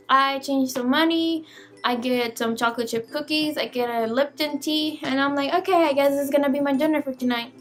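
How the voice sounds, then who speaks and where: A young woman vlogger telling a storytime tale in an animated, exasperated way, swearing casually. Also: fairly high pitch.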